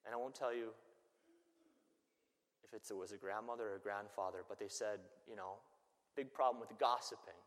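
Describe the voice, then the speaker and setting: A man, a Catholic priest, preaching a sermon and telling stories in an animated way. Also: on the low side, a little fast, long pauses. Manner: animated storytelling that acts out the people it quotes. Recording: long church-hall reverb.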